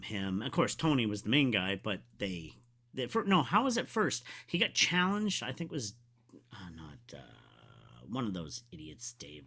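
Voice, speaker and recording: A man hosting his own show, chatting casually and excitedly through a wrestling event recap, rambling and going back to correct himself. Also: fairly low pitch. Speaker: wrestling podcast host. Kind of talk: casual solo review chat.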